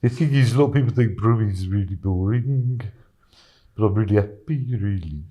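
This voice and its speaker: A man's voice: on the low side, normal speed, dark tone, muffled recording. A man and podcast guest telling a casual, rambling story, chuckling and dropping plenty of "you know"s.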